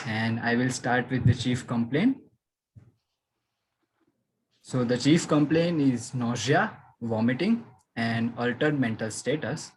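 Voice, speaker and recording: A man on a video call presenting a medical case in a polite, measured, orderly way. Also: medium pitch, a little hiss or hum, rough recording.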